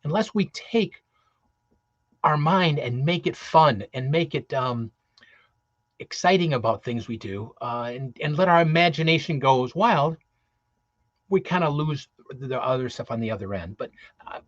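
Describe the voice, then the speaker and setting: A man's voice: mid-range voice, animated, normal speed, a bit bright, dry recording, muffled recording. A man who performs as Santa, giving a rambling, encouraging talk full of restarts and fillers. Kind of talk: casual motivational talk.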